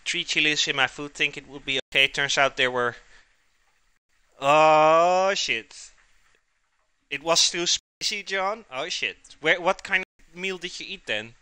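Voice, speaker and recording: A man's voice: fairly high pitch, pushed and bright, clean tone, dry recording. A man cooking on a live stream, chatting casually and joking with his chat as he reads it aloud. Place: home kitchen.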